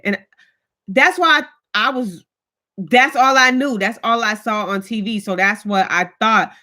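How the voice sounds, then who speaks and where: A woman in her thirties chatting casually with her viewers as a vlogger, telling stories in an animated, colloquial way. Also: fairly high pitch, moderate pace. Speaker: vlogger host.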